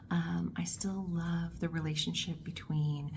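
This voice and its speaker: A woman's voice: low voice, level tone, slow, vocal fry, few pauses, a little mellow, a little hiss or hum. A woman hosting her own book vlog, chatting casually and expressively as she gushes about her reading. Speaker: book vlogger host.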